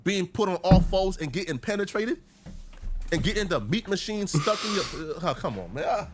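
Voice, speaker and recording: A man's voice: sits high, lively intonation, moderate pace, slight background noise. A man hosting a commentary video, talking in a mocking, theatrical way. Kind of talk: scripted commentary.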